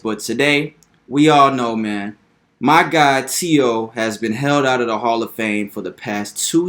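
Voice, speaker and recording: A young man hosting a casual sports commentary video, animated and hyped, repeating points for emphasis. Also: mid-range voice.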